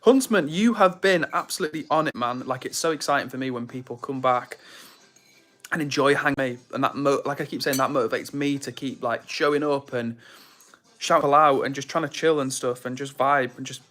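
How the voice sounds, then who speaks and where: A man's voice: mid-range voice, fairly quick, bright, forceful tone. A young man chatting casually on a live stream, reading viewer comments aloud.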